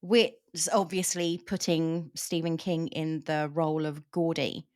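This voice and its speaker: A woman with a somewhat low voice talks a novel through in relaxed conversation. She explains her points carefully, pausing to find the right words. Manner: explanatory, thoughtful. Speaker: book discussion host. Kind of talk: casual book chat.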